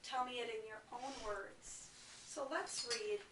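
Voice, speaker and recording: Kindergarten teacher, woman, slightly high voice, slow and coaxing delivery; recorded from across an echoey classroom. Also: background noise. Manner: slow, clear, coaxing teacher talk to small children. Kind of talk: classroom read-aloud lesson. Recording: echoey classroom, far from the camera mic.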